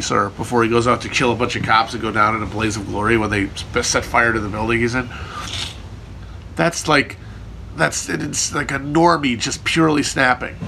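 A man with a bright, forceful voice riffs loosely through viewer questions on a casual stream. His delivery is irreverent and jokey, sprinkled with profanity. There is a faint hum of background noise. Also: mid-range voice, vocal fry. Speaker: livestream host answering chat. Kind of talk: casual rambling chat.

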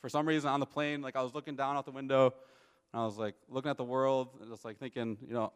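A man's voice: mid-range voice, flat delivery, fast, clean tone. Young man's testimony in a big echoing hall. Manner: conversational storytelling, checks in with listeners. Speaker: speaker giving a personal testimony. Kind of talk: personal testimony talk to an audience.

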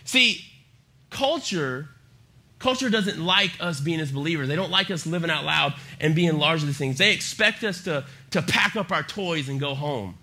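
A man's voice: fairly high pitch, lively intonation, moderate pace, sharp tone. A young man preaching to a youth group, telling humorous stories with plenty of energy. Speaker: youth pastor. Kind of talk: youth sermon. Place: church youth service.

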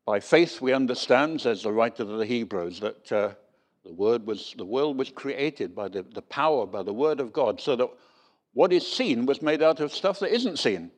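Guy preaching, storyteller vibe, voice all over the place pitch-wise. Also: moderate pace. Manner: storytelling, animated, acts out voices in quotes. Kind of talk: sermon.

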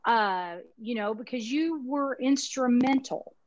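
Speaking slowly in a fairly high voice, this fifties-aged Texan woman is a guest on a casual interview and runs an insurance marketing organization. She's chatty, emphatic, and folksy, leaning on Southern expressions, and the recording is dry and dull.

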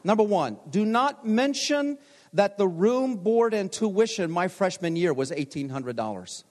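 A man in his sixties delivers a chapel sermon, mixing personal stories with gentle jokes at his own expense. His speaking voice sits fairly high for a man. The sound rings out with a long reverb from the large chapel around him. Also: very animated, a little slow. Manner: storytelling, self-deprecating humor. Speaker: pastor.

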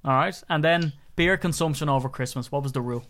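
A man with a slightly raised voice co-hosts a podcast in a loose, bantering way. He's excitable and quick to tease, and he has a cold. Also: on the high side. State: sick with a cold, coughing. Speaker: podcast co-host.

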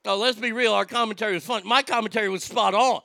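A man's voice: sits high, steady tone, quick pace, gravelly, bright, forceful tone, dry recording, studio quality. A man telling a story as an angry, swearing rant, heated and indignant.

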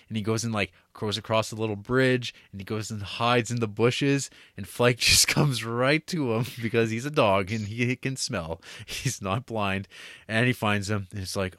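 A man, dry close low voice, retelling a film. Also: normal speed, no room sound. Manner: animated storyteller, drops into quoted voices; curses casually. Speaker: podcast co-host. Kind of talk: casual chat retelling a film.

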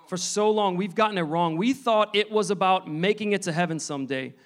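A man in his thirties preaching a sermon, telling his testimony in an earnest, halting way with many restarts. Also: sits high, fairly bright tone.

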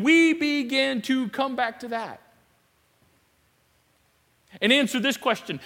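Man, pastor; high bright voice, animated and emphatic; sanctuary reverb. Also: takes it slowly, long pauses. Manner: animated, emphatic, laughs and repeats himself. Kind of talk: sermon. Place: church sanctuary.

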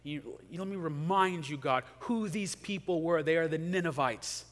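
A man's voice: on the high side, moderate pace, natural voice. A man voicing a bitter, sulking male prophet who complains indignantly, recorded with a long hall reverb.

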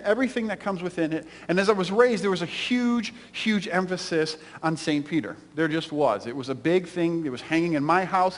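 A man's voice: high-pitched, big-room sound. A man pastor preaching a sermon with an emphatic, repetitive cadence in a church sanctuary.

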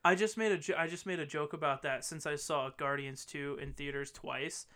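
Bright-voiced blunt American podcast co-host. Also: male voice, fairly high pitch, moderate pace. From US Midwest. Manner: blunt, profane, animated. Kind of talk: casual chat.

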